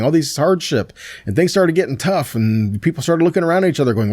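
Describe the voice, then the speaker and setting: A man's voice: a little high, very animated, fast talker, darkish tone, dry recording, studio quality. A man preaching a Messianic Torah teaching, reading verses aloud and then explaining them conversationally, often checking with "see that?" and "right?". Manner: conversational, with fillers and restarts. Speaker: pastor.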